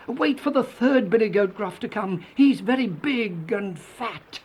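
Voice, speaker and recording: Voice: medium pitch, animated, measured pace, a little mellow, breathy edge, voice pushed up. A reader putting on an anxious middle goat. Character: skinny frightened middle billy goat.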